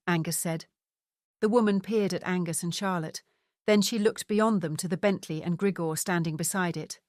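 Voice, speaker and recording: A woman reading an audiobook novel in a calm, steady narration, close to the microphone. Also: lowish voice, normal speed, no echo. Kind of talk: scripted narration.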